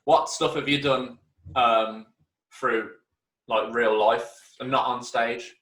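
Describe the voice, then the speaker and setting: A man's voice: medium pitch, fairly even intonation, takes it slowly, a bit bright, distant mic. A man hosting a podcast, asking questions in a casual, hesitant way with lots of fillers. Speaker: podcast host. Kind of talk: casual interview chat. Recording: roomy sound from off-mic.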